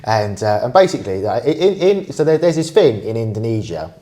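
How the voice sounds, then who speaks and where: A man's voice: fairly low pitch, big pitch swings, brisk, dark tone. A man with an English accent, co-hosting a podcast in casual chat, rambling with many restarts and fillers and swearing freely. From England. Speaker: podcast co-host.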